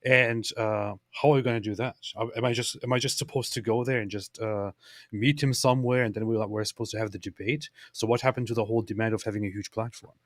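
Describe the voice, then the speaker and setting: A man co-hosting a casual livestream chat, talking haltingly with many restarts. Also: lowish voice, fairly even intonation, no room sound, studio quality. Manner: halting, with frequent restarts and fillers. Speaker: co-host.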